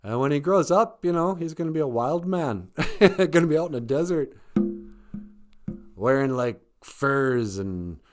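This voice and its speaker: A man's voice: on the high side, animated, a little slow, music in the background, pitched above the performer's own voice. A man voicing a chatty expectant mother who boasts cheerfully about her coming son. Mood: proud chatter.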